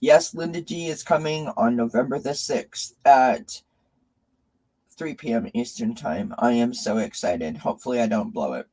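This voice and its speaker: A man's voice: medium pitch, normal speed, darkish tone, poor audio. A man hosting a live tarot stream, emotionally thanking his viewers and reading their comments. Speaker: tarot reader and channel host.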